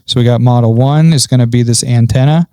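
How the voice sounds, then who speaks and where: A man's voice: medium pitch, a little fast, dark tone, clear, resonant tone, no echo. A man talking casually through a farming game setup, thinking aloud with frequent ums. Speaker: gaming channel host. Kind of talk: casual gameplay commentary.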